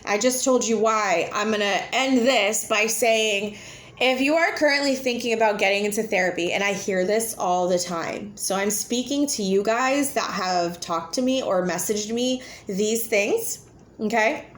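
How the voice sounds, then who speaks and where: A woman's voice: medium pitch, unhurried, a little hiss or hum. A woman, talking casually to camera as a vlogger, blunt and chatty, laughing often. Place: home with children nearby. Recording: echoey room.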